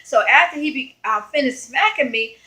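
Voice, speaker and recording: A woman evangelist speaks to her viewers in a crisp, bright voice that sits a little high. She tells her story in an earnest, conversational way and keeps pausing with fillers as she goes. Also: lively intonation, rough recording. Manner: halting, rambling retelling full of fillers. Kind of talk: personal storytelling vlog.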